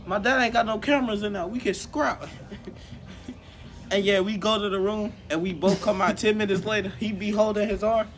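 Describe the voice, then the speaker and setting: High-voiced man telling a slangy story. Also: moderate pace. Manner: animated and slangy, acts out quoted lines and laughs often. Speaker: co-host telling a fan story. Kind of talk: casual improvised storytelling.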